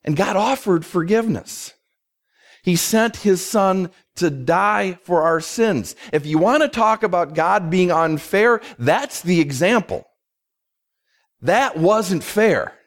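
A man preaching an expository sermon in a conversational, emphatic way, slowing down to stress key words and briefly voicing quoted speakers. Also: high-pitched, animated. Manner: voices God and others in quick asides. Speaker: pastor.

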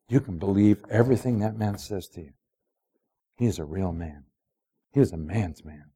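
A man's voice: sits low, moderate pace, long pauses, dark tone, husky. A man in his late sixties preaching a folksy, storytelling sermon, asking the congregation direct questions. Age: 60s. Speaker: pastor.

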